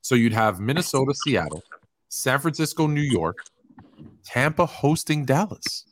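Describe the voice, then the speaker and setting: A man steering a casual sports debate, laying out matchups and correcting himself with quick apologies. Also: medium pitch, animated, a little hiss or hum.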